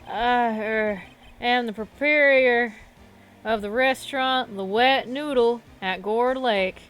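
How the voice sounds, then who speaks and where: A woman's voice: fairly high pitch, a bit bright, clear, resonant tone, soft background music. A woman doing a stammering old shopkeeper. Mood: hesitant. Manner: halting, stammering. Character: hesitant old male boat-rental shop owner.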